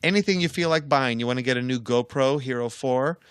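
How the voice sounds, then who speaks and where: A man's voice: medium pitch, brisk, clean tone, no echo, clean studio sound. A middle-aged man co-hosting a podcast, telling a story in casual banter, firm and swearing freely. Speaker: podcast co-host.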